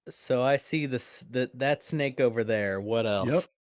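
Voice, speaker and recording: A man's voice: medium pitch, measured pace, smooth, no echo, studio quality. A man playing a tabletop game, casual and unsure, trailing off. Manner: laid-back, unsure, trailing off. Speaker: player.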